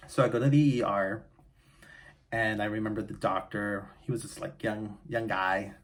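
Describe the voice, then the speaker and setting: A man with a fairly low voice recounts a hard personal ordeal straight to his viewers. He talks casually and openly, with plenty of fillers, restarts and asides. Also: fairly even intonation, moderate pace. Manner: emotional, candid, casual with many fillers and restarts. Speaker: vlogger. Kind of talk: personal storytelling to camera.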